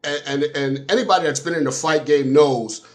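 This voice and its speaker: A man hosting a casual interview speaks in a slightly high voice. His talk is chatty and halting, with sentences often started again. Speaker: interview host.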